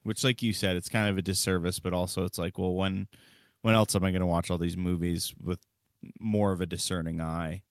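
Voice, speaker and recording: A man's voice: deep voice, flat delivery, fairly quick, smooth, dry recording, clean studio sound. A man podcast co-host musing about how he watches movies, thoughtful and rambling. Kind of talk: casual movie review chat.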